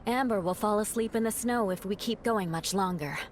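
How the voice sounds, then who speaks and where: A woman's voice: mid-range voice, fairly quick, faint music behind, natural voice. A woman voicing a stern, proud young knight in a video game, formal and commanding. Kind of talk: game voice acting.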